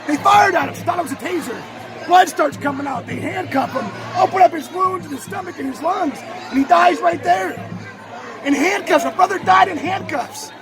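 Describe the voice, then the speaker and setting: A man's voice: very high voice, moderate pace. A man confronting police at a street protest, angry, profane and close to tears. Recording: loud crowd and music outdoors. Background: loud crowd and music.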